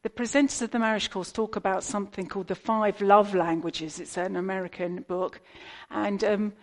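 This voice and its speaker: A woman's voice: mid-range voice, fairly even intonation, moderate pace. A woman in her fifties from Britain gives a sermon. She keeps it conversational and chatty, with friendly asides to the people listening. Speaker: preacher.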